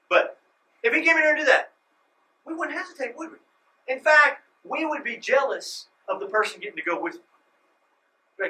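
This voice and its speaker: High-voiced, bright male pastor preaching. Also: fast talker, distant mic, slight background noise, rough recording. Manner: dynamic, swings between loud emphasis and hushed whispers. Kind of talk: sermon. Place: church sanctuary.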